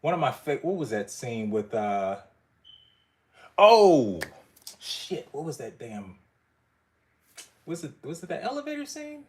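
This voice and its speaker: A man streams casually from indoors in front of a screen, reacting to movie clips. His pitch swings widely and sits a little high, and his talk is loose and full of swearing and laughter. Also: a little slow, long pauses, breathy edge. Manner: profane, animated, laughing often. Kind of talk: casual live-stream commentary.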